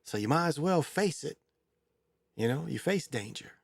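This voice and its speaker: A man's voice: fairly high pitch, lively intonation, normal speed, creaky, no echo. A man hosting his own show in a rambling, crude, casual monologue full of fillers. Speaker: show host.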